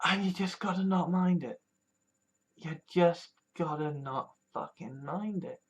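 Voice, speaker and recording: A vlogger in a candid personal monologue, blunt and profane, sighing and trailing off, then flaring into mocking loud bits. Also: mid-range voice, measured pace. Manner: blunt and profane, with frequent sighs and trailing restarts; swings between weary mutters and mocking shouted quotes.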